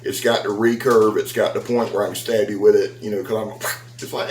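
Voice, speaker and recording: A man's voice: lowish voice, flat delivery, fast talker, darkish tone, recorded from a distance, a little hiss or hum. Rambling man in his fifties, echoey. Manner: rambling, folksy, chatty asides. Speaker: knife reviewer and seller. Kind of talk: casual vlog. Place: at home with dogs. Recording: echoey room, voice off-mic.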